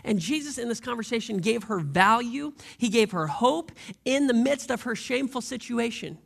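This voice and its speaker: Male pastor, high voice with gravel, preaching conversationally and leaning on rhetorical questions. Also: lively intonation, normal speed, fairly bright tone. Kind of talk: sermon.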